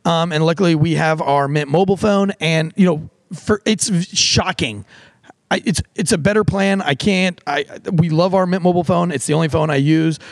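A middle-aged man with a somewhat high, gravelly voice talks loosely on a podcast. He swears freely and wanders off into quick asides. His voice is close and dry, with no room sound. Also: dry recording. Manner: profane, rambling, quick asides. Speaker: podcast host. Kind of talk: casual podcast chat with a host-read ad.

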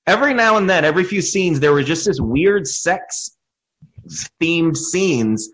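A man guest on a podcast, chatting casually and ranting in an animated, profane way. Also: fairly high pitch, a little slow, rough recording. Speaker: podcast guest, comedy writer. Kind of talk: casual chat.

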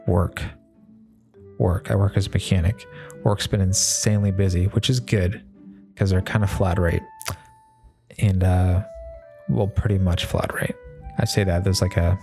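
A mechanic with a low, dark voice talks in a casual, rambling monologue. He's relaxed about it, stumbling through plenty of fillers and restarts and swearing offhandedly.

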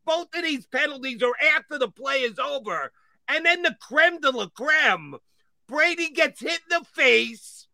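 High, bright-voiced ranting sports host. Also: male voice, a little slow, vocal fry, dry recording. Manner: animated, gets worked up, ranting. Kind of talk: heated sports talk.

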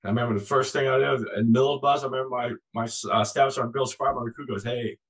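A man in his sixties, a former Marine guest, telling stories in a lively, conversational way and acting out the voices in his anecdotes. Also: mid-range voice, racing, rough recording. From United States. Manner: animated storyteller, acts out voices in anecdotes. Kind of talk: conversational storytelling.

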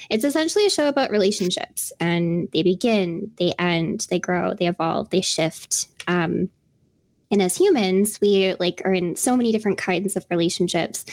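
A woman's voice: mid-range voice, darkish tone, no room sound. A young woman co-hosting a podcast, chatting casually with frequent laughs and fillers. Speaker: podcast co-host.

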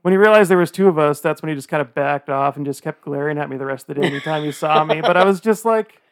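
Animated storytelling man in his thirties. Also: fairly high pitch, fast. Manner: animated storyteller, acts out quotes. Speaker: podcast host. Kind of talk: casual storytelling.

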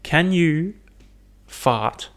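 A man's voice: fairly high pitch, lively intonation, extremely slow. A young man hosting a casual solo podcast, rambling and swearing with lots of fillers. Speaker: podcast host.

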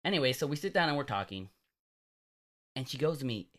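A man co-hosting a comedic podcast, an animated storyteller who acts out the voices in his stories. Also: mid-range voice, fairly quick. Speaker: podcast co-host.

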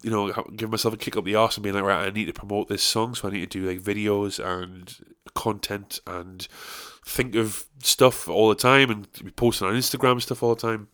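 A man's voice: lowish voice, level tone, brisk, few pauses, a bit bright. A young man, tired, chatting on his solo podcast in a rambling, sweary, self-deprecating way. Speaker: podcast host. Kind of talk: casual solo podcast chat.

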